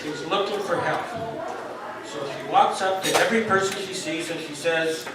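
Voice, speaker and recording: High-voiced man telling jokes in a hall. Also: brisk, noisy background. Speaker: reunion speaker telling jokes. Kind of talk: joke telling to an audience. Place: large echoey hall at a reunion. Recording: echoey hall, distant mic, crowd.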